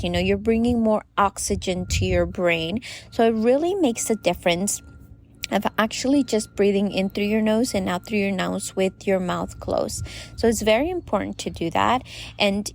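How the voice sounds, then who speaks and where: Woman host in her thirties, casual advice podcast, chatty, lots of fillers, mid pitch. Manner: chatty, many "you know" fillers.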